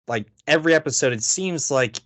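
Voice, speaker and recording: A man's voice: a little high, brisk, dry recording. A man co-hosting a podcast, chatting casually and rambling through thoughts with lots of fillers. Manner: rambling, filler-heavy, animated asides. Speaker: podcast co-host. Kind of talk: casual chat.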